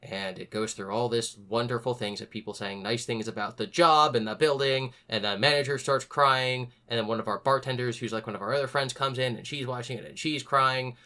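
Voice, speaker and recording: A young man hosts a casual podcast chat. His voice is bright and forward. He tells stories with lively energy and raises his voice to act out what others said. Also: mid-range voice, brisk, hardly any pauses. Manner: animated, acts out other people's lines in a raised voice. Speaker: podcast host.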